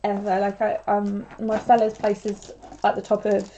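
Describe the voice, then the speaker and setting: A woman's voice: medium pitch, monotone, normal speed, mellow, slight background noise. A young woman chatting casually on a craft livestream, rambling with lots of filler words.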